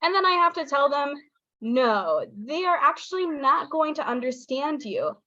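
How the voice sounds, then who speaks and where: A woman presenting a pronunciation lesson online, explaining sounds clearly and acting out her students' replies. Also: high-pitched, animated, normal speed, bright, forceful tone, dry recording, dull audio. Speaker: teacher trainer. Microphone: video call.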